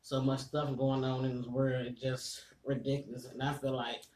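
A man's voice: mid-range voice, level tone, moderate pace, reverberant, noisy background. A man with a stuffy nose chatting casually to viewers while he eats at home, breathing a little hard between bites. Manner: chatty, eating between sentences, addresses viewers as y'all. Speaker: food vlogger. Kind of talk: casual eating vlog chat.

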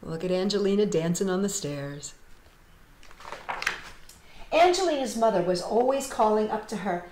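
A woman and children's entertainer reading a picture book aloud, with animated storytelling and asides to the kids. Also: medium pitch, moderate pace, pauses often, slight background noise. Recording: roomy echo.

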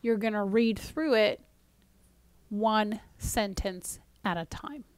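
A woman's voice: mid-range voice, slow, smooth, no echo. Dry-sounding woman, chatty spiritual teacher. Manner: conversational, with frequent fillers and restarts, drops to near-whispers for emphasis; mock-exasperated voice when acting out a frustrated reader. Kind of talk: casual spoken teaching to camera.

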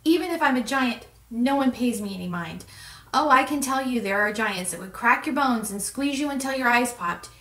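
A woman voicing a self-pitying male giant who moans and pleads loudly, in a roomy, distant recording. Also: fairly high pitch, lively intonation, normal speed. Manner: loud, moaning and pleading. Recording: roomy echo, distant mic.

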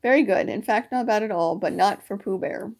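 A woman's voice: medium pitch, a little fast, gravelly, a little mellow. A woman voicing a fussy, bossy male rabbit who speaks grandly, reading a children's storybook aloud. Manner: grand and commanding.

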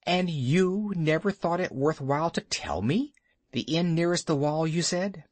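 A man doing a brisk, scolding young mongoose. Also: fairly high pitch, expressive, no echo, pitched above the performer's own voice. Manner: sharp, scolding, urgent. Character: brave young male mongoose, brisk and impatient.

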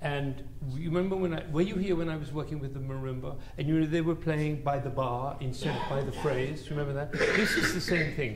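A man's voice: on the high side, brisk, hardly any pauses, a little hiss or hum. Older man coaching, singing out phrases. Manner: sings phrases aloud, coaxing and playful. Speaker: music teacher leading an interpretation class. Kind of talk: masterclass coaching.

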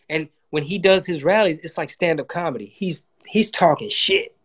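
Male comedian, somewhat high voice, profane and animated monologue style. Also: normal speed, hardly any pauses. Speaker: comedian and channel host. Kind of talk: casual political monologue.

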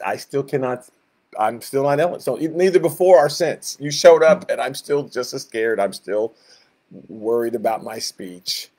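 Husky man teaching Bible class. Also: mid-range voice. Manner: animated, acts out dialogue with God in voices. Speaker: Sunday school teacher.

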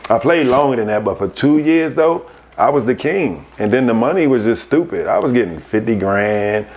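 Podcast guest, man, mid-range voice; animated storyteller who laughs and mimics people in his stories. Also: medium pitch, normal speed. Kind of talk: casual storytelling.

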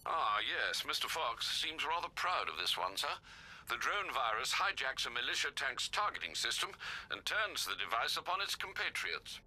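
In a video game, a polite older butler answers with formal courtesy. His voice is bright and sharp, lilting up and down. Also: mid-range voice, sing-song, normal speed, a little hiss or hum. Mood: courteous.

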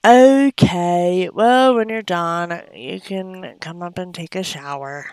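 A woman's voice: fairly low pitch, slow pace, a little mellow, clean tone, dry recording. A woman giving casual gameplay commentary, chatty, often gasping and cooing at the game characters. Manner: gasps often. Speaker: let's play host.

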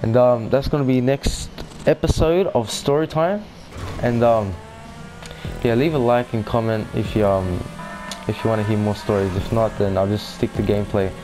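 A man's voice: lowish voice, fairly even intonation, normal speed, music in the background, poor audio. A young man telling a rambling, casual storytime for his gaming channel, full of fillers and swearing.

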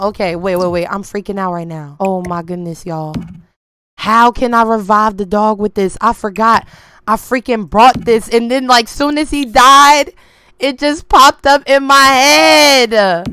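A young woman chats over her gameplay in a high, bright voice. She lingers on her words rather than rushing. She turns excitable, exclaims often and talks straight to her viewers in casual slang. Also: clear, resonant tone, no room sound. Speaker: game streamer.

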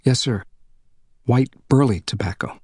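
A man's voice: mid-range voice, unhurried, a little mellow, husky, no echo, studio quality. A man voicing a bashful teenage boy who gives short, polite answers.

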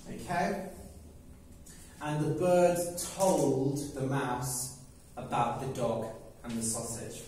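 A man telling a simple story slowly for English learners, often repeating words and checking that listeners follow. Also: mid-range voice, dark tone, slight background noise. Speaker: English teacher. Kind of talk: slow story-telling lesson. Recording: echoey room, mic at a distance.

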